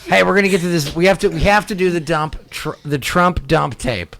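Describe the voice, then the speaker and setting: A man's voice: sits high, brisk, vocal fry, heavy background noise. A man from California hosting a casual comedy radio show, easily amused and giggling. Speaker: radio host. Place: radio studio.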